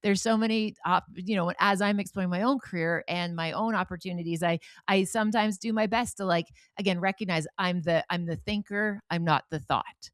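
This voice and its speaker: Woman, middle-aged, podcast host, animated storyteller, low-ish voice, dry close sound. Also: fairly quick, few pauses, no echo. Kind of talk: conversational interview.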